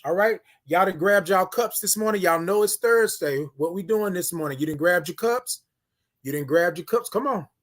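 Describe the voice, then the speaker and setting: A man's voice: high-pitched, lively intonation. A man hosting a casual morning livestream, greeting viewers by name and drawing out his good mornings. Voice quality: drawn-out sung greetings. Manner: greets viewers by name, repeats phrases, calls out to chat. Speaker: livestream host. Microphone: phone camera.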